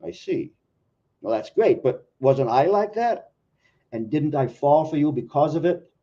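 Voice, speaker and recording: Man putting on a sharp-tongued older wife, teasing, raised pitch, mellow, dull recording. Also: big pitch swings, measured pace. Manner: teasing, needling.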